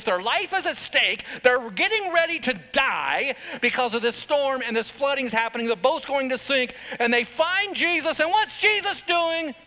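Lively high-voiced male preacher. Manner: animated storytelling, dramatic pauses. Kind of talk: sermon.

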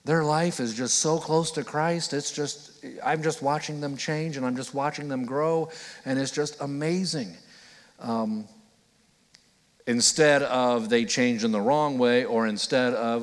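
A man's voice: mid-range voice, steady tone, measured pace. Male pastor, earnest sermon, conversational, acts out quotes, echoing church hall. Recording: long hall reverb.

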